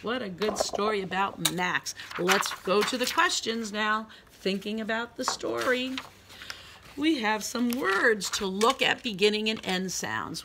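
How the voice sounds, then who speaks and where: Bright-voiced woman teaching phonics. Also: mid-range voice, slight background noise. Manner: slow, sing-song sounding out of letters. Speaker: preschool teacher. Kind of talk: remote phonics lesson for young children.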